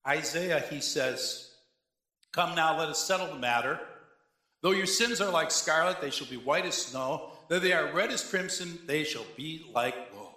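A male pastor preaching a sermon in a conversational, animated way, full of asides and questions to the congregation, recorded in a church. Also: fairly high pitch, a little slow, roomy sound. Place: church sanctuary.

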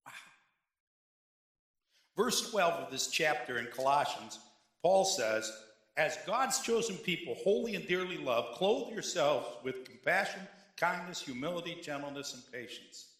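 A high, lively male voice preaching a sermon, bright and forceful in tone. He talks to the congregation casually, tossing in asides and rhetorical questions. The sound rings around a roomy church. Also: a little slow. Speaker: pastor. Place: church sanctuary.

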